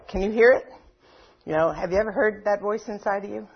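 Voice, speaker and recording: Husky-voiced woman speaker, conversational. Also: mid-range voice, a little fast, muffled recording. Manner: conversational, frequent 'you know', acts out inner voices. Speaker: workshop speaker. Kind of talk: talk to a live audience.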